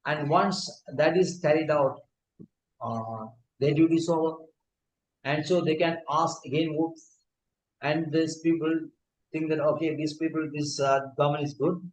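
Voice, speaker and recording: A man giving a scripture lecture, pausing often with fillers and restarts. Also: on the high side, steady tone, a little hiss or hum. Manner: halting, frequent fillers and restarts. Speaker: spiritual teacher. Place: temple hall. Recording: echoey hall.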